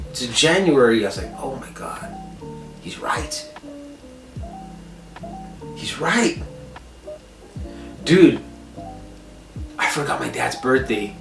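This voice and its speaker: A man's voice: mid-range voice, far from the mic. Casual vlog host, male, chatty and rambling, mic set back in a roomy space, faint guitar underneath. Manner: rambling, animated retelling with lots of "I was like". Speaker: gaming channel host. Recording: echoey room, set back from the mic, soft guitar music.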